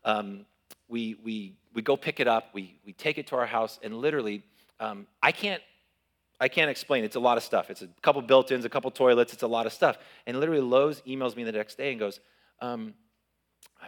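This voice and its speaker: A pastor preaching a sermon in an animated, conversational way, often repeating his words. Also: medium pitch, brisk. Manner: animated, repeats words, uses sports analogies.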